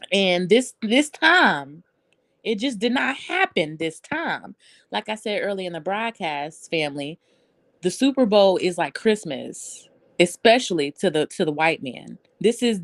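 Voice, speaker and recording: A woman's voice: medium pitch, very animated, unhurried, no echo. A woman hosting a casual live stream, talking loosely and bluntly with lots of swearing and laughter.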